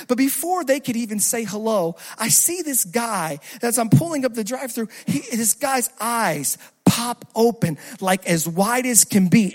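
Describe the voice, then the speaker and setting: High-voiced animated male preacher. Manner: animated, acts out scenes, loud bursts of laughter. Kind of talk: sermon with comic storytelling.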